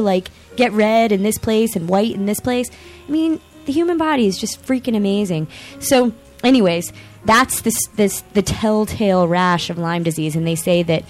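A woman in her thirties hosting a casual chat show, rambling and excitable with lots of fillers. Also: mid-range voice, normal speed, faint music behind. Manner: excitable, animated outbursts. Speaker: podcast host.

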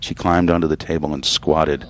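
A man reading a literary story aloud in a measured, grave way with drawn-out pauses. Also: rumbling low, flat delivery. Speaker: narrator.

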